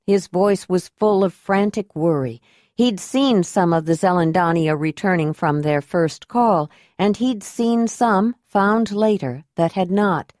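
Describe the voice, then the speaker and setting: A woman reading an audiobook in an even, measured narration voice. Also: lowish voice, no echo, clean studio sound. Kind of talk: scripted narration.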